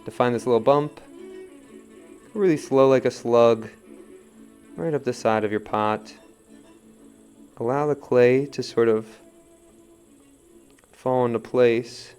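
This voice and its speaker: A young man casually teaching wheel throwing, coaching in a relaxed way and often checking in with "right?". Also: mid-range voice, slow pace, pauses often, clear, resonant tone, soft background music. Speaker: pottery teacher.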